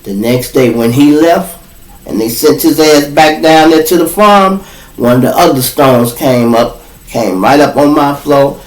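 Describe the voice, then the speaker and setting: A man's voice: on the high side, a little slow. A man with a Chicago accent hosting a podcast, telling a profane street story and talking straight to his listeners. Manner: profane, animated, addresses listeners as y'all. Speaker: podcast host. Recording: echoey room, distant mic.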